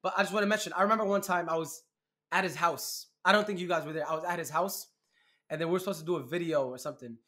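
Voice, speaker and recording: Guy cohosting a podcast, high bright voice, talks super fast and heated, mocking. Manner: heated, mocking, animated storytelling. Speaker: podcast co-host. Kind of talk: casual podcast chat.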